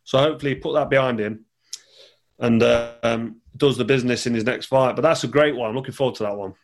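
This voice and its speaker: A former boxer appears as a podcast guest, chatting casually over a call. His medium-pitched, creaky voice moves fast, and he rambles and repeats words.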